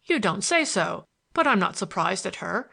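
A woman reading the lines of a smitten young gentleman in an audiobook, earnest and a little awkward. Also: medium pitch, big pitch swings, normal speed, creaky, slightly rough, exaggerated voice. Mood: gallant. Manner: earnest, gallant, slightly awkward.

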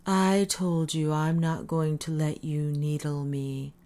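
A woman voicing a tired, frightened man who is a doctor, talking in a hushed, strained, often whispered voice. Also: sits low, flat delivery, slow. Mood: weary.

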